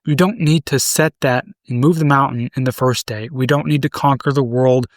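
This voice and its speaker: A man's voice: medium pitch, moderate pace, no echo, clean studio sound. A man in his thirties hosting a podcast alone, talking in a loose, conversational way, often checking in with "right?" and restarting phrases. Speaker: podcast host. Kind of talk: solo podcast monologue.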